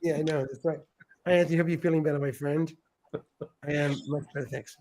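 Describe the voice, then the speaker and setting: A middle-aged man hosts a relaxed livestream, greeting viewers by name and reading their comments. His voice sits a little high for a man. He chuckles a lot and stumbles over words as he goes. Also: fairly quick. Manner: chatty, laughs often, stumbles and repeats words. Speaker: livestream host.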